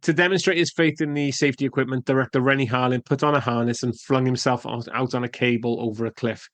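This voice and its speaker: A man's voice: medium pitch, steady tone, quick pace, fairly bright tone, dry recording. A man co-hosting a casual film podcast, reading out trivia and adding dry asides. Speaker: podcast co-host.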